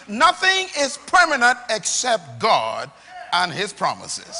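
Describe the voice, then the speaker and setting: A rousing male preacher works a live congregation, calling for responses and breaking into shouts. His voice sits very high and cuts with a bright, tense edge. The sound rings out with the long reverb of a large church hall. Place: church or auditorium.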